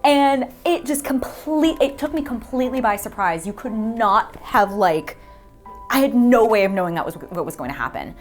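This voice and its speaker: Lively, gushing young woman. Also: normal speed. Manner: gushing and excitable, voice leaping high. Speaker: voice actor guest. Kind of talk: casual interview chat. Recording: faint music underneath.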